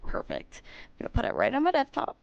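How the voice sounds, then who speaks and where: A woman's voice: sits high, wildly swooping pitch, fairly quick, vocal fry, dry recording, muffled recording. A woman streamer chatting casually with her viewers, giggling often and getting flustered and apologetic. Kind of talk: casual live-stream chat.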